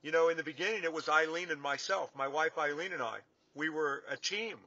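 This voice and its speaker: A man's voice: on the high side, a little fast, bright, forceful tone, no room sound. A middle-aged man giving an earnest, folksy motivational talk to his clients, repeating his points for emphasis. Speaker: business coach addressing clients. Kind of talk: casual motivational talk to camera. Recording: dull lo-fi, dry sound.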